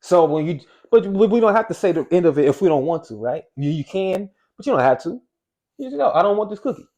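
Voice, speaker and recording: A man giving a casual, motivational talk to camera as a weight-loss coach, repeating key phrases and slowing down to stress single words. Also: a little high, big pitch swings, dark tone, dull audio.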